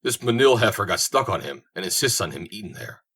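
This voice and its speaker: A rough, folksy cowhand who drawls his words and hums an old bunkhouse song, as a man reading the story puts him on. The voice stays low and unhurried. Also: sing-song, a bit bright, exaggerated voice. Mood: gossipy. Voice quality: drawling, rough western dialect.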